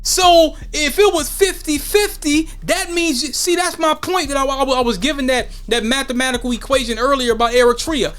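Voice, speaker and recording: Heated American podcast host, high-pitched, repeats points forcefully. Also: male voice, moderate pace, hardly any pauses, faint music behind. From United States. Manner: emphatic, argumentative, repeats for stress.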